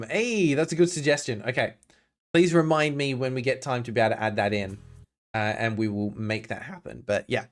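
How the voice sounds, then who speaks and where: A man streaming a video game, giving casual, excitable, jokey commentary and chatting with his viewers. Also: mid-range voice.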